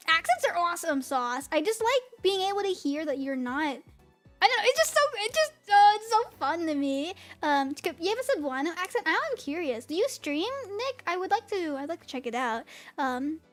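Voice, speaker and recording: A woman with a very high voice and a light New England accent, chatting with her livestream audience. She rambles and giggles a lot, and soft music plays faintly behind her. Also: very animated, normal speed. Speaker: streamer. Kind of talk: casual livestream chat, reading chat.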